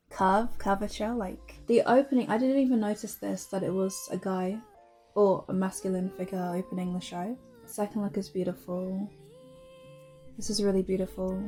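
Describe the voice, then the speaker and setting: A woman's voice: mid-range voice, mellow. A young woman vlogger chatting casually and gushing over runway looks, full of fillers. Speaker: fashion vlogger.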